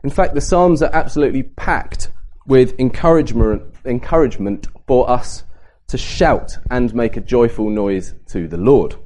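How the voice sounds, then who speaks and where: A man giving a Bible talk at a camp, lively and varying his pace and emphasis to make points. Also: mid-range voice, moderate pace. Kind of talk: sermon to a youth camp.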